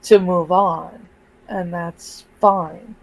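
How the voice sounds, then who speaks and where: A woman on a casual podcast chat, speaking bluntly and deliberately. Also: on the low side, steady tone, gravelly, low-quality recording.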